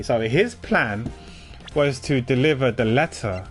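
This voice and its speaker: A man's voice: mid-range voice, animated, measured pace, soft background music. Chatty man doing game commentary. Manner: chatty, self-mocking, thinks out loud. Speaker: streamer.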